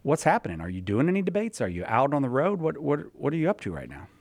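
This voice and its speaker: A man hosting a call-in radio show, brisk and teasing, repeating the phone number between calls. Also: medium pitch, huge pitch swings, darkish tone, no echo. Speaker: radio host.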